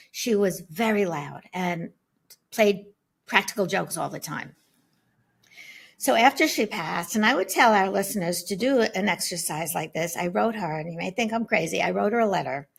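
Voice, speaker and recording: Woman with a gravelly voice, lively storyteller on a panel, does little voices. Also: fairly low pitch, moderate pace. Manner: animated storyteller, acts out voices. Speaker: guest speaker on spirit signs. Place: online summit panel, video call.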